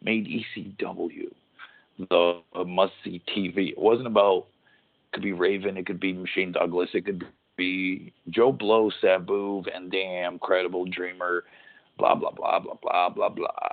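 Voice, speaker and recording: A man's voice: low-pitched, flat delivery, unhurried, creaky. A middle-aged man, a former pro wrestler hosting a podcast, talking in a rambling, profane, casual way and restarting his sentences. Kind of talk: casual chat. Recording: tinny phone-like audio.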